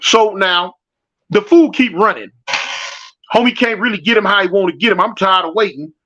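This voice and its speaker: Through dull lo-fi audio, a high-voiced man at a moderate pace recounts a street story in slang. He's animated, performs the characters' voices himself and responds to his live chat as he goes.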